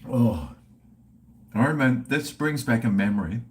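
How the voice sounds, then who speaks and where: A man's voice: medium pitch, expressive, normal speed. A middle-aged man with an Australian accent, chatting casually and profanely with livestream viewers while drinking. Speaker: livestream host.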